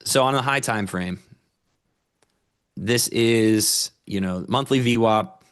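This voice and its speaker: A man's voice: lowish voice, takes it slowly, fairly bright tone. A man co-hosting a live trading show, talking through chart levels in a laid-back way and laughing easily. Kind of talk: casual trading chat.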